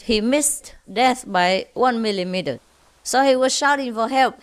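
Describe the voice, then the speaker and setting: A woman tells jokes to a group at a slow, easy pace, chuckling as she goes. Her voice sits a little high, and she often checks with her listeners before moving on. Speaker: speaker telling jokes to an audience. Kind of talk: casual storytelling.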